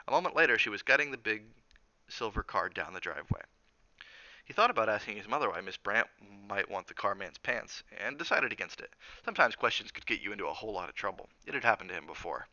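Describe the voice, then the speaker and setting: Brief: male streamer doing casual book reading, quick and bright, low-ish voice. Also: creaky, no room sound, dull audio. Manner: brisk and plain, with asides. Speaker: streamer reading a novel aloud.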